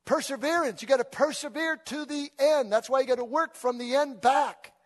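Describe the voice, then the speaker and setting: A high-pitched man preaching in a big church hall, his voice trailing off into long reverb. He swings from soft, conversational asides to loud, fervent exhortation, calling the congregation to read along with him. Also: normal speed. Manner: animated, rising to loud exhortation, call-and-response with congregation. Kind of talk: energetic sermon. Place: church sanctuary.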